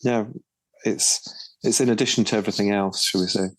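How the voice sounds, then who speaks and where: A man's voice: fairly low pitch, steady tone, fairly quick, no room sound. A man co-hosting a podcast, chatting casually with teasing, wry banter. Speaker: podcast co-host. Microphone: podcast microphone.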